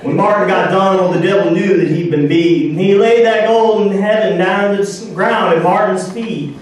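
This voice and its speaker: A man's voice: high-pitched, normal speed. A man doing a folksy comic story at a church variety show, joking and breaking into sung parodies. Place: church hall. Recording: echoey hall, distant mic.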